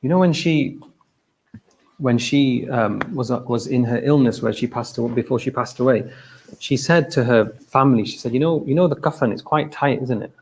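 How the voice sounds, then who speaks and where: There's slight background noise as an English man at a mosque event preaches informally in the mosque hall, his mid-range voice a little mellow and moderately paced. He talks directly to the congregation, peppering it with "okay?", "look" and short laughs.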